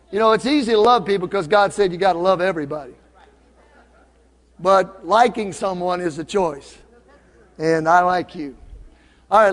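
A man's voice: high-pitched, big-room sound. A man preaching a sermon as pastor, playful and teasing as he talks to the congregation. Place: church sanctuary.

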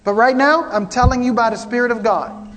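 Guy preaching all fired up, keeps repeating himself, guitar playing quietly behind. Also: extremely high pitch, fairly quick. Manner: fervent, repetitive, calls out to congregation. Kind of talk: prophetic sermon. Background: guitar music.

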